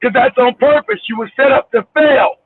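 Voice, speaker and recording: A man hosting a casual livestream from his car, ranting loudly and profanely, laughing and shouting as he tells a story. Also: extremely high pitch, normal speed, creaky, slightly rough, no room sound. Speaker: show host. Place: car, driving. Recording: tinny phone line with faint hiss.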